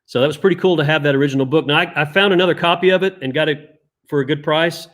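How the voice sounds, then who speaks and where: A man's voice: a little high, very fast, a bit bright. A man in his fifties co-hosting a casual chat, telling rambling stories with chuckles. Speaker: co-host. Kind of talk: casual chat about comic collecting.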